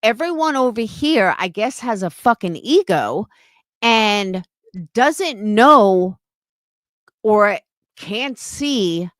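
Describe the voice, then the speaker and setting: Thirties woman streamer, heated and indignant, swears freely, measured slow pace. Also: medium pitch, a bit bright, no echo, studio quality. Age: 30s. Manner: blunt, profane and indignant. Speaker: live streamer. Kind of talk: heated live-stream rant.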